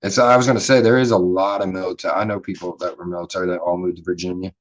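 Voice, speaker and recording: A man's voice: sits low, fairly even intonation, racing, low-quality recording. A man with a Philadelphia accent hosting a casual livestream chat, rambling and swearing freely in a laid-back way. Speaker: livestream host.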